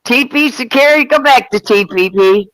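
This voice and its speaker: A woman's voice: fairly high pitch, moderate pace, fairly bright tone, no echo, rough recording. A woman with a Southern US accent hosting a casual livestream panel, joking and laughing often in a playful drawl. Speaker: panel host.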